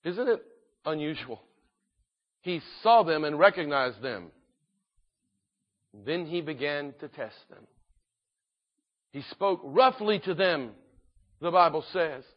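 A man preaching a sermon in an earnest, emphatic way, slowing down and swelling in volume to drive points home. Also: on the high side, animated, highs cut off.

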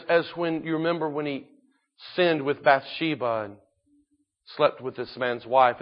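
A man preaching a sermon, moving between quiet solemn scripture reading and loud fervent exhortation. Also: medium pitch, muffled recording. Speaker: pastor.

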